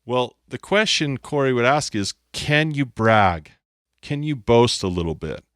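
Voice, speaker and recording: A man's voice: medium pitch, animated, a little slow, a bit bright, no room sound, clean studio sound. A man teaching a lesson at a board, playful and self-mocking, often repeating his phrases. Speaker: instructor. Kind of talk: explaining on a whiteboard.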